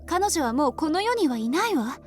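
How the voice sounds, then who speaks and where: A tense schoolgirl, high, quick-fire delivery, faint music under the game audio. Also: very animated. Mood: cold. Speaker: voice actor. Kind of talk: Japanese visual novel voice acting.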